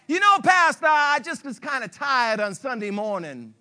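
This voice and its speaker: A man's voice: very high-pitched, sing-song, normal speed, pushed and bright, full character voice. A man putting on the voice of a hesitant churchgoer who stammers out excuses to his pastor. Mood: sheepish. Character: grown man churchgoer making lame excuses.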